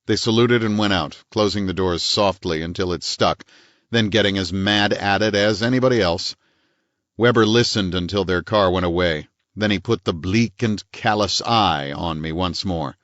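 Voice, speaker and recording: A man reading a hardboiled detective novel in first person with a dry, clipped, deadpan delivery. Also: deep voice, normal speed, no echo. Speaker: audiobook narrator. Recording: dull, dry studio audio.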